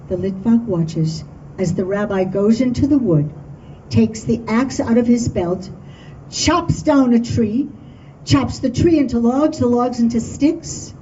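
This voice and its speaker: A woman storyteller telling a folk tale to an audience at a dinner event, in a lively, expressive way. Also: mid-range voice, slight background noise. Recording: dull distant room recording with faint ambience.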